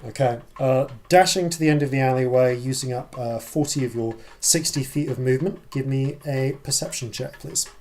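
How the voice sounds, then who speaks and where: Guy dm-ing a d&d game, middle pitch, lots of uhs and restarts while he explains moves. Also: moderate pace, few pauses, a little mellow, slight background noise. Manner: explains rules at length with many ums and restarts. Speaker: dungeon master. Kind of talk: narrating a tabletop game.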